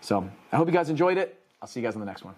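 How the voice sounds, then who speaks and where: A man's voice: mid-range voice, very animated, very fast, a little mellow, husky. A man hosting a podcast, giving an earnest, preaching motivational monologue with repeated emphatic phrases. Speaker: podcast host.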